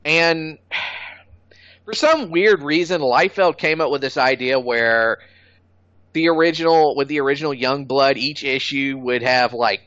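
A man's voice: mid-range voice, measured pace, a bit bright, no room sound. A man chatting casually on a podcast, blunt and opinionated, swearing freely and laughing at his own jokes. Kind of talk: casual chat. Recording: dull lo-fi sound.

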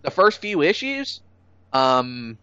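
A man in casual conversation, bluntly opinionated and quick to swear. His voice is bright and forceful, close and dry. The recording has a somewhat dull, lo-fi sound. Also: fairly high pitch, sing-song, smooth, dry recording. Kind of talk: casual chat.

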